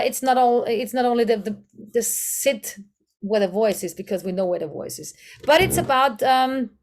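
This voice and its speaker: This voice coach has a high-sitting voice. She teaches a voice workshop with a German accent, reaching for English words as she models vocal exercises.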